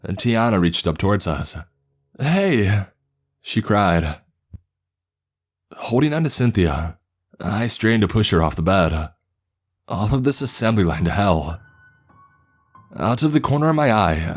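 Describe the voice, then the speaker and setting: A man narrating a horror story in a measured, dramatic storytelling manner. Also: low voice.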